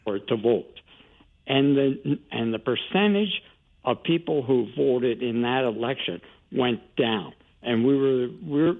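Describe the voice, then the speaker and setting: A man's voice: medium pitch, gravelly. A man calling in to a radio talk show, speaking hesitantly with frequent restarts. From Canada. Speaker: caller. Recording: tinny phone line.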